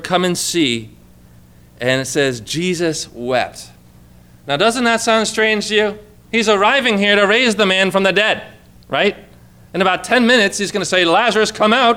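Male pastor, sermon delivery; high, smooth, resonant voice; earnest, conversational. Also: fairly bright tone. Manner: earnest, conversational preaching with rhetorical questions.

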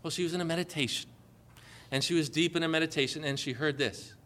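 A man preaching a sermon with passion, building to emphatic, forceful proclamations. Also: a little high, steady tone, fast talker.

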